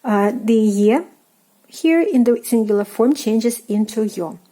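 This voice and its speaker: Woman, Russian accent, online language teacher, mellow warm voice, repeats words for practice. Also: a little high, a little slow. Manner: unscripted explaining, many fillers, repeats words for practice.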